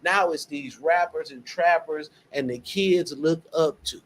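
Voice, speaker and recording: Man, young adult, radio host, earnest, repeats words, slightly high voice. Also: measured pace. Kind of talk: casual radio talk.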